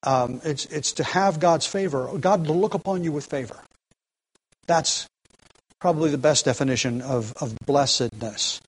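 A man preaching an expository sermon in a slightly raised voice. He talks earnestly and with emphasis, often restarting phrases. He slows right down to stress key lines. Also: on the high side, breathy edge, rough recording. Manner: earnest, emphatic, with frequent restarts and varied pace.

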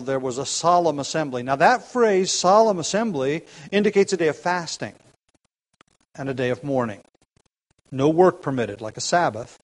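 A man preaching a sermon at an evening church gathering, earnest and deliberate, slowing down and rising in force on key points. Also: fairly high pitch, poor audio. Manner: earnest, builds emphasis by slowing down and getting louder.

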